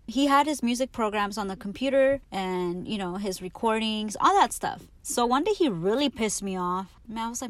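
Young woman podcast host, slightly high voice, dry close sound; casual, profane storyteller who laughs a lot. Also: no echo. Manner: candid, profane, laughs often.

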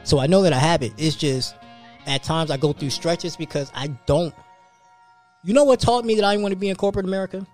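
A male podcast host telling a story in casual chat, animated and laughing, acting out the quotes. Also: on the high side, quick pace, faint music behind.

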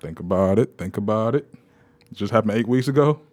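Young man, podcast co-host, quick teasing banter, lively pitch. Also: no room sound.

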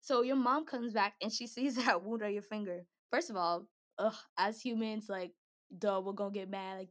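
A woman's voice: mid-range voice, fairly quick. Chatty young woman giving a devotional talk. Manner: chatty, slangy, laughs often, acts out quotes. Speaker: speaker at a Christian gathering.

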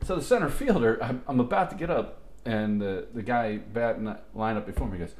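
A man's voice: mid-range voice, animated, brisk, darkish tone, reverberant. A middle-aged man telling long, rambling, profane stories to friends on a podcast, with restarts and laughter. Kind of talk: casual storytelling among friends.

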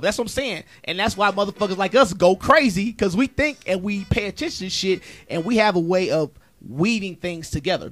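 A man with a slightly high voice holds forth in a loose, profane podcast chat. He circles around his point and leans on it for emphasis. The sound is dry and close, with no room around it. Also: a bit bright, dry recording. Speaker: comedian podcast co-host.

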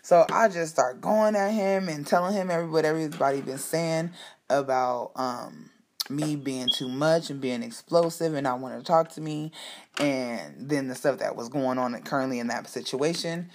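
A woman casually telling a personal story to her listeners, candid and profane, animated and emphatic. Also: low voice, normal speed, a little hiss or hum. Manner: speaks to listeners directly. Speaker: storyteller sharing personal life.

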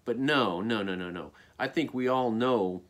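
A man's voice: fairly low pitch, moderate pace. An American man giving a casual spoken opinion monologue, rambling with many fillers and checking in with "okay?". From United States. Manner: rambling, frequent "okay?" and "you know" fillers.

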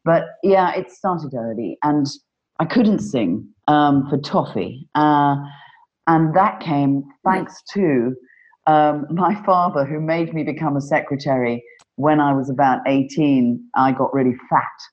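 A woman recalling her start in performing, speaking earnestly and reflectively in a relaxed conversation. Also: sits low, unhurried, lo-fi sound. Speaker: panel guest, performer. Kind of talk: casual conversation. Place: home during lockdown.

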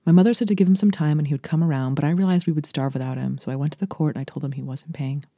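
With a deep-toned, mellow voice, a Brooklyn woman who writes and hosts a podcast narrates a literary short story at a brisk, steady pace and in an intimate tone. The audio is close and dry, without echo or any sense of room.

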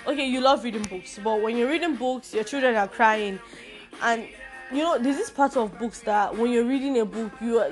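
A young adult woman hosting her own podcast, talking casually and informally, with playful asides. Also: on the high side. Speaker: podcast host. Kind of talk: casual solo podcast talk.

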